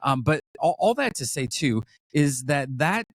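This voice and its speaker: A man with a slightly high, sing-song voice co-leads a ministry and speaks earnestly in a casual fundraising chat. He halts often, full of restarts and fillers, and there's no room sound.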